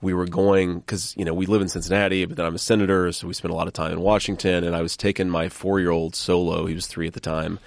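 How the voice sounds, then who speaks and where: A man's voice: low voice, level tone, quick pace, gravelly, few pauses, no echo. A man who is a podcast guest, telling casual stories and laughing often, with "you know" and "right" scattered through his talk. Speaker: guest, senator.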